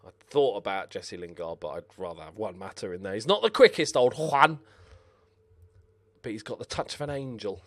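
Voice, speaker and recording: An excitable young man talks his way through a football management game, swearing and shouting at his players. His voice swings widely in pitch, leaping up with every near miss. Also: moderate pace. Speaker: gaming commentator. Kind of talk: casual let's-play commentary.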